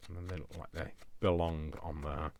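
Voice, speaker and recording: A man's voice: sits low, flat delivery, moderate pace, a little hiss or hum. A man hosting a crafting video, rambling casually and talking to himself with jokey asides. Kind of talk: casual chat while crafting.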